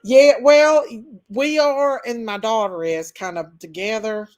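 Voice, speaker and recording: A woman's voice: on the high side, fairly even intonation, a little slow. A woman hosting a live stream, chatting casually, giggling often and reading out viewer comments.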